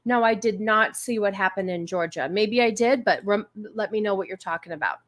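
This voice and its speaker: A woman's voice: medium pitch, brisk, a bit bright. A woman hosting a casual live stream, greeting viewers and musing aloud with many fillers and restarts. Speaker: stream host.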